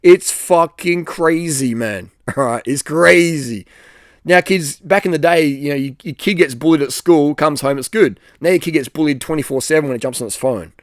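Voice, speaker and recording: A middle-aged man rants in a blunt, cursing, rambling monologue. His voice sits fairly high for a man, and his sentences fade into low, soft tails. The recording is dry and close. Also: normal speed, no echo. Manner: blunt, profane, emphatic, trailing off on "man". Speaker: vlogger giving advice.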